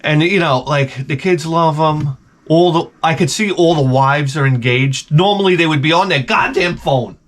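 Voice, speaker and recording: A man's voice: a little high, moderate pace, fairly bright tone. Profane Long Island man ranting. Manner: profane, sarcastic, rambling. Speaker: vlogger. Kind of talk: ranting comedic storytelling.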